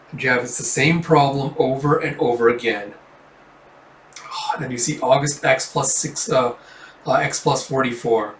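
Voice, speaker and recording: A man casually reading through a comic aloud, filling pauses with "uh" and "like". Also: medium pitch, fairly even intonation, slight background noise. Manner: casual, filler-heavy reading. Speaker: comic reader. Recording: roomy, slightly distant mic.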